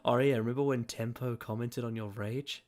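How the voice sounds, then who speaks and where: A man's voice: medium pitch, normal speed. A man co-hosting a podcast, chatting casually and ranting animatedly with swearing and laughter. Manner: animated, swearing, laughs at his own rants. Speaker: podcast co-host. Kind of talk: casual chat.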